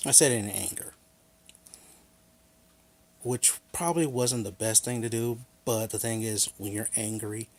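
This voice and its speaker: A man's voice: on the low side, slightly rough. Man ranting, aggrieved. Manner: rambling, restarts, quotes others; aggrieved and frank. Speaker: vlogger. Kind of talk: casual storytelling rant.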